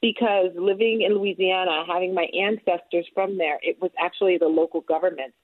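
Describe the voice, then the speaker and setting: Being interviewed over a tinny phone line, a woman who is an author and former politician tells her story earnestly and with emphasis in a conversational exchange. Her voice is on the low side, brisk and fairly even in intonation, and the recording is dry.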